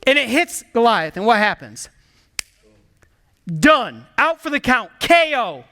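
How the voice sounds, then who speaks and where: A man preaching a sermon in an energetic, emphatic way, calling out to the congregation and dropping into hushed low asides. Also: slow pace. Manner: swings from excited bursts to hushed low asides. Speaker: pastor.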